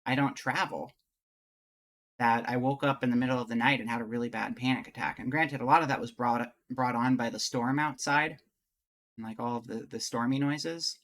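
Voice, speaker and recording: This streamer talks candidly with viewers and reads a visual novel aloud, rambling and restarting often. The voice is mid-range and a bit bright, with a steady tone and moderate pace.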